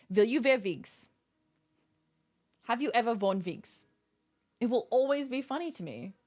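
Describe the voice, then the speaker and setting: A young adult woman livestreaming from her home setup, chatting with viewers in a playful, rambling way with goofy asides. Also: on the high side. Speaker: live streamer. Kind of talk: casual chat with stream viewers.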